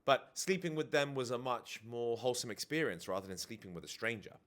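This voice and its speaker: In a fairly quick, fairly bright medium-pitched voice, a dating and life coach gives a candid, reflective confession to camera. DJ kit sits behind him indoors, and he swears casually now and then.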